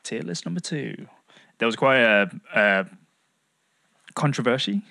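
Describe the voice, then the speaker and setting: A man's voice: mid-range voice, lively intonation, vocal fry, background noise. Easygoing man hosting. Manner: easygoing, leads the segment with quick agreements. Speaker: podcast co-host. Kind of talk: casual chat.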